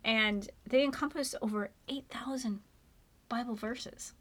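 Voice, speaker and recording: A middle-aged mother co-hosting a faith podcast, talking in an earnest, emotional way and slowing down for emphasis. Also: a little high, fairly bright tone.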